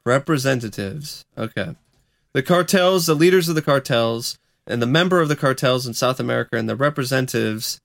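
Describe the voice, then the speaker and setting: A man's voice: medium pitch, expressive, fairly quick, gravelly, a bit bright, no room sound, clean studio sound. A man co-hosting a podcast in laid-back casual chat, hedging his words and cursing when he trips over them. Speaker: podcast co-host.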